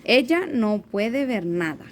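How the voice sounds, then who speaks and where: A woman teacher reading a children's story aloud in a careful, halting way, repeating and correcting words as she goes. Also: a little high, very animated, slight background noise. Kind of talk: reading a story aloud slowly, then in Spanish.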